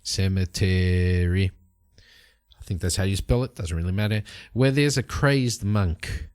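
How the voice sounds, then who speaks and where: A man's voice: low voice, a little slow, a little mellow. A man hosting a solo tabletop game, narrating the story and musing aloud as he checks tables and rolls dice. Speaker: host and solo game player.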